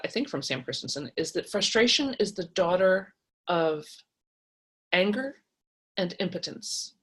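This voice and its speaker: Husky-voiced woman giving frank advice. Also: lowish voice. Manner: animated and frank, many restarts, swears for emphasis. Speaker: host answering viewer comments. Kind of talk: casual advice talk.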